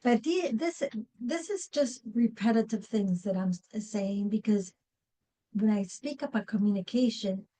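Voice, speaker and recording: A woman's voice: medium pitch, measured pace, warm tone, a little hiss or hum, poor audio. A woman presenting a professional workshop to a live audience, with many fillers and restarts. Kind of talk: live seminar talk.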